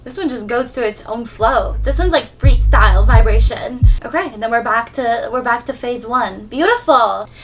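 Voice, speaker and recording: A woman's voice: a little high, moderate pace, hardly any pauses, over music. A young woman chatting through an unboxing video, bubbly and gushing, with frequent gasps and giggles. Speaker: unboxing vlogger. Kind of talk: casual unboxing chat.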